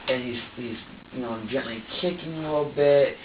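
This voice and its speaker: A man under police questioning who recounts events haltingly, repeating himself and swearing. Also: mid-range voice, background noise. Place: police interrogation room. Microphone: distant room camera mic. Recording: dull, echoey room audio from far off.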